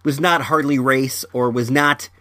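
A man hosts a podcast in a mid-pitched, everyday voice, chatting loosely and stumbling over his words, often saying them twice before he goes on. The sound is close and dry, with no room echo. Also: fairly even intonation, pushed and bright. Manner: halting, repeats words, rambling. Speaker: podcast host. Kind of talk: casual chat.

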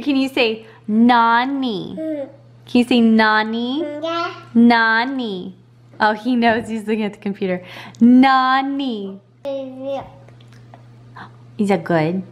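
A woman's voice: on the high side, slow pace, pauses often. A woman filming a home vlog, talking in sing-song baby talk to her toddler and chatting to viewers. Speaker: vlogger mom.

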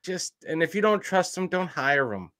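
A man's voice: fairly high pitch, very animated, normal speed, bright, forceful tone, no echo, studio quality. An American man co-hosting a reaction video, talking casually with emphatic opinions. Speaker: reaction channel co-host.

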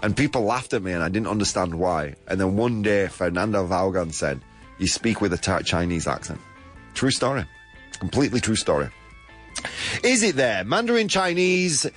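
A man's voice: fairly low pitch, lively intonation, normal speed, faint music behind. A British man hosting a live show, reading out viewer answers in a playful, teasing way. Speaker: show host.

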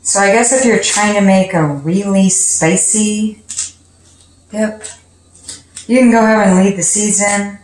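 A woman's voice: mid-range voice, measured pace, pauses often, darkish tone. A woman hosting a home cooking video, chatting casually and laughing often as she cooks. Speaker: cooking show host. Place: home kitchen. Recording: echoey kitchen with music.

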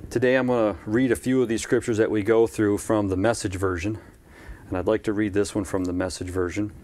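A man's voice: fairly low pitch, fairly even intonation, a little fast, a little mellow. A man preaching a live-streamed church sermon in a conversational way, with asides and repeated phrases.

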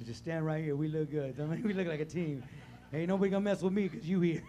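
An older man preaching a sermon in a church, animated, rising to shouts and dropping to quiet talk. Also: on the high side, fast talker, highs cut off. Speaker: pastor. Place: church sanctuary.

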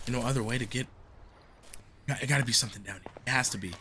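A man's voice: mid-range voice, fast talker, bright, forceful tone, slight background noise. A young man doing casual let's-play commentary, jumpy and slangy, exclaiming often. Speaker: gaming streamer.

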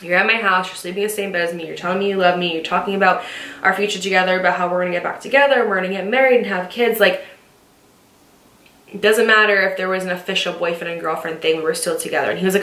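A young woman candidly telling a story about a past relationship at home, speaking in quick bursts and then slowing down when emotional. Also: on the low side, fairly even intonation, fairly bright tone. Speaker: storytime vlogger. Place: at home, facing the living room. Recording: roomy echo, distant mic.

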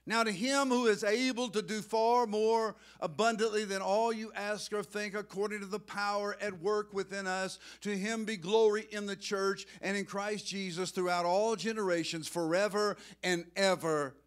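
High-voiced, fervent male pastor. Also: normal speed, few pauses, clear, resonant tone. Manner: emotional, excitable preaching with loud outbursts. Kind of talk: sermon. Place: church sanctuary.

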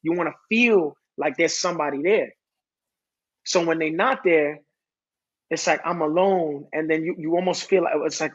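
On a lo-fi recording, a singer-songwriter guesting on a podcast shares a personal story candidly. His slightly high voice moves at a moderate pace as he rambles earnestly and recites lyrics he wrote himself.

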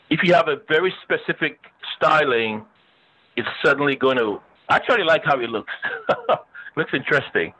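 A man's voice: mid-range voice, pushed and bright, slight background noise, low-quality recording. A man teaching a web design class, chatting and thinking aloud as he demonstrates on screen, with the odd joke for his students. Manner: joking with students. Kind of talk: casual screen-share lecture.

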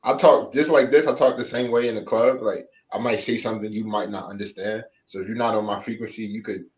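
A man's voice: lowish voice, fairly even intonation, quick pace, highs cut off. A man on a casual panel show, joking around in slangy talk about dating. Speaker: panel guest.

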